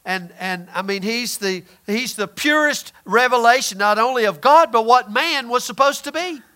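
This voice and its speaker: A preacher with a high, ringing voice delivers an emphatic sermon at normal speed, moving between loud declarations and hushed asides and acting out the characters in his retellings.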